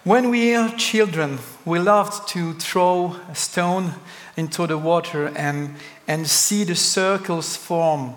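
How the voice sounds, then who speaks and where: A man from France with a French accent, a native French speaker preaching a sermon as a guest pastor, halting and repeating words as he searches for them, with light self-deprecating humor. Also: on the high side, a bit bright. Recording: long hall reverb, faint background noise.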